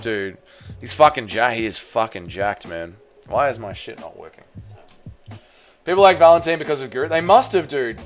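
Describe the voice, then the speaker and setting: Reacting live to a fight, this young Australian man on stream shouts at the action, curses without restraint, and reads viewer chat out loud in a casual back-and-forth. He has a fairly high-pitched voice.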